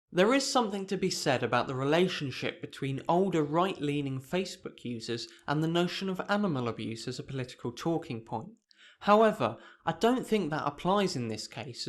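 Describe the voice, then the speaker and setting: A young man narrating a scripted video essay in a dry, sardonic manner. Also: a little high.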